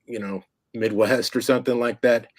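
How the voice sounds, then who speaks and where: A man from Staten Island with a faint New York accent, a filmmaker guest chatting in a relaxed way on an interview show. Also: mid-range voice, moderate pace, no echo. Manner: relaxed and chatty, with many fillers. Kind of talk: casual interview chat.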